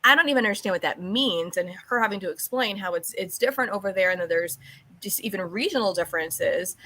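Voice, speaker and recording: An American woman with a Californian accent, hosting a casual podcast chat, animated and acting out little quotes. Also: fast talker. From United States. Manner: animated, acts out quotes, swings high when excited.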